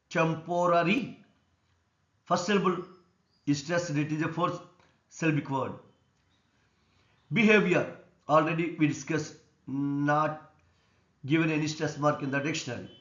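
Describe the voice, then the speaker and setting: A man with an Indian English accent teaching an English lesson on word stress, explaining slowly and deliberately. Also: on the high side, fairly bright tone. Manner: slow, deliberate explanation, repeating words and stress rules. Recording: echoey room, dull lo-fi sound.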